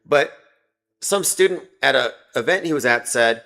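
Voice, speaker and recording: A man's voice: mid-range voice, expressive, moderate pace, gravelly, sharp tone. A man hosting a livestream, talking in a rambling, sarcastic way and reading viewer comments aloud between his points. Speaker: livestream host.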